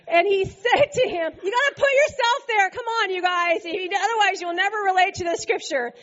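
A woman's voice: very high-pitched, lively intonation, moderate pace, a bit bright, muffled recording. A woman preaching a sermon to a congregation, playful and laughing often as she acts out scripture quotes. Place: church service before a congregation.

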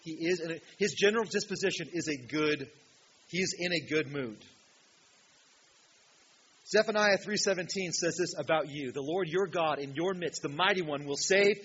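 A male pastor preaching a sermon in a church, emphatic, swinging from loud, ringing peaks to quiet asides. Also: on the high side, moderate pace. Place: church hall with a projection screen. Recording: dull lo-fi sound with faint hiss.

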